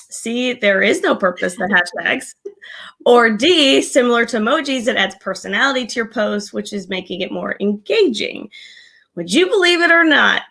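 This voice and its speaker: A woman co-hosting a casual live marketing chat, chatty and quick to laugh. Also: fairly high pitch, vocal fry, a bit bright. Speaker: co-host. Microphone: desk mic with a gain knob.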